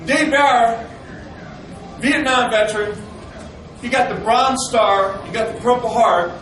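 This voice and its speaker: A middle-aged man giving an animated storytelling speech to an audience of veterans, acting out the dialogue he recounts. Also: very high voice, slow pace, poor audio. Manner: animated, acts out quoted dialogue. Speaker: speaker addressing veterans.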